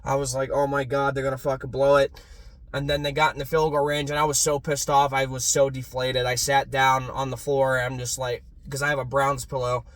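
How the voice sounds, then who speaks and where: A young man ranting in a casual sports fan vlog, swearing freely and swinging from low muttering to loud yelling. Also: flat delivery, fairly quick, hardly any pauses.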